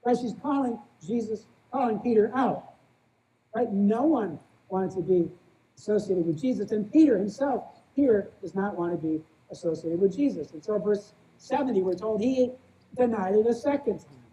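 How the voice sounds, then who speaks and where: A man's voice: high-pitched, animated, normal speed, mellow, rough recording. A male pastor preaching a sermon in a plain-spoken, conversational way, often checking in with the congregation by asking "right?". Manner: plain-spoken, calls himself a small-town guy.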